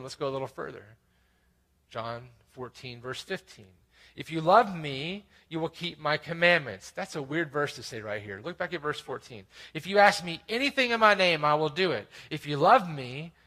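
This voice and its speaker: A man preaching a sermon, building to emphatic peaks and dropping to quiet, conversational asides. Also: fairly high pitch. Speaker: pastor.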